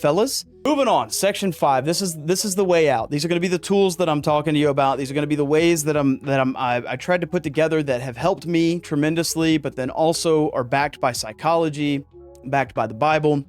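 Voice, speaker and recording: A man hosts a podcast in a lively, fired-up monologue, breaking into jokey asides. His voice sits a little on the high side, and faint music plays beneath him. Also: brisk. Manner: energetic, gets worked up, jokey asides. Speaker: podcast host. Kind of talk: casual podcast monologue on men's mental health.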